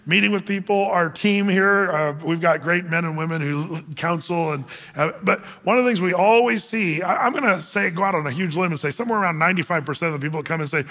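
A man's voice: high-pitched, animated, brisk, sharp tone, long reverb tail. A male pastor preaching a sermon in a loose, conversational way, often restarting and repeating words.

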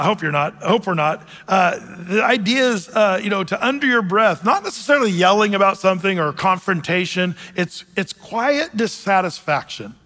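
A man delivers a chatty sermon from the pulpit, breaking into a low, soft muttering whenever he acts out grumbling. His voice is high and bright with a gravelly edge. A long church-hall reverb trails behind every phrase. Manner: conversational preaching, dips low and soft to mimic grumbling. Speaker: pastor. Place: church sanctuary.

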